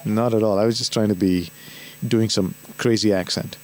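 A man's voice: lowish voice, steady tone, normal speed, a little mellow. Man, radio host, late-night call-in, chatty, advice-giving, faint hum.

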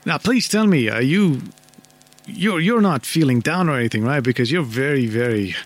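A man hosting a late-night call-in radio show, talking in a slow, intimate, musing way with many fillers. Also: medium pitch, animated. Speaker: radio talk show host.

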